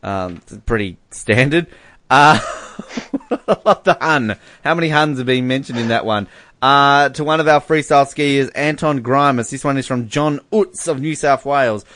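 A man's voice: medium pitch, moderate pace, fairly bright tone, dry recording. A man, co-hosting a casual chat and reading out fan messages with amusement, laughing often. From Australia. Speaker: podcast co-host.

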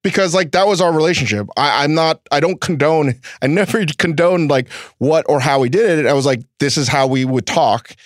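A man with a fairly high voice hosts a podcast and cuts into the talk with blunt, profane remarks. He speaks in a casual, conversational way. The recording is dry and close. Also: brisk, hardly any pauses, no room sound. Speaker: host.

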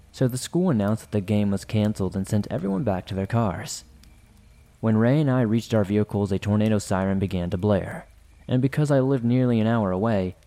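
Low, dark-voiced male horror narrator. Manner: measured, deliberate storytelling. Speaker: horror story podcast host.

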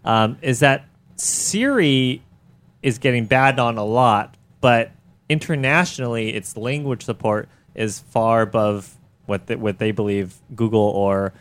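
A man's voice: mid-range voice, unhurried. A man on a tech podcast panel, passing on listener comments with plenty of fillers and a good-humored, hesitant manner. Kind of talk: casual tech chat.

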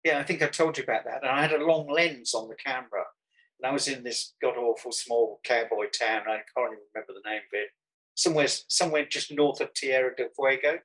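In a rough recording, a medium-pitched man with a slightly bright, breathy voice shares a meandering travel tale as an artist guest in an interview. He's from Birmingham, England, speaks with that city's accent, and keeps restarting and chuckling.

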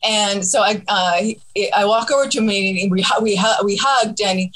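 A woman telling a long story in casual conversation, halting and animated, acting out other people's voices. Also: medium pitch, rough recording. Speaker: guest.

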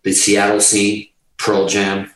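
Deep-ish guy swearing his way thru a story, sounds far from the mic in a big echoey room. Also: takes it slowly. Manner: profane, animated, rambling. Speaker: podcast guest, musician. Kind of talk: casual storytelling. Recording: roomy, distant mic.

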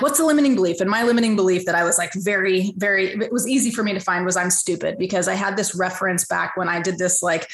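A woman, a financial advisor, telling her story as a podcast guest, lively and acting out the voices of the people she quotes. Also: reverberant, rough recording. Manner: animated, acts out quotes in high voices. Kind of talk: casual storytelling interview.

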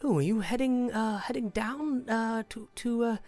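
A game master voicing a flustered, scatterbrained female god, talking in a rushed way. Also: medium pitch, a little mellow, faint music behind, pitched above the performer's own voice, natural voice.

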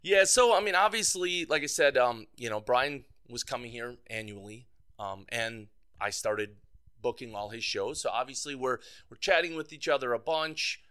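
Man, interview guest, smooth resonant voice, casual rambling story, lots of fillers. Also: mid-range voice, moderate pace, pushed and bright. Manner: rambling, many fillers, laughs often. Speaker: guest, band's tour manager.

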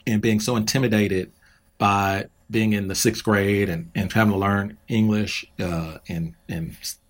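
A man's voice: fairly low pitch, steady tone, a little slow. A man who mentors kids, talking in a casual podcast conversation and telling earnest stories with repeated phrases for emphasis.

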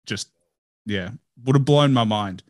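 A man's voice: fairly low pitch, a little slow, no echo, studio quality. A man hosting a casual interview, easygoing and enthusiastic, with loose phrasing. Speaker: podcast host.

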